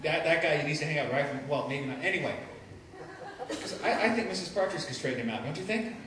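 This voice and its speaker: A man's voice: on the high side, lively intonation, fast talker, recorded from a distance. A man doing a stand-up comedy set, rambling and self-deprecating, often stumbling and restarting his sentences. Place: live comedy venue. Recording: echoey live room mic, noisy.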